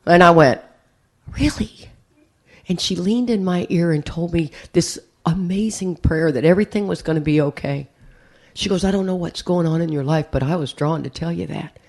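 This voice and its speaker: Speaking fairly quickly in a fairly low, slightly mellow voice, an older woman from the USA tells her story as an AA speaker at a recovery meeting. She chats and rambles, frequently repeating words at the start of sentences.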